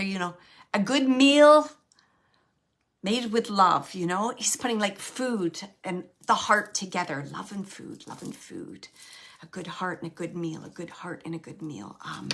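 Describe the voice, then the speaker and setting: A woman's voice: mid-range voice, a bit bright. A woman medium giving a live reading, chatty and searching, with many fillers as she relays messages from the spirit. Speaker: medium and show host.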